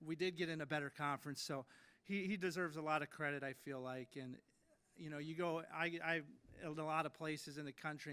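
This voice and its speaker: Man giving a bright, clear speech. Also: fairly high pitch. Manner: storytelling, self-deprecating, with frequent fillers and restarts. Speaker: hall of fame inductee giving a speech. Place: ceremony hall.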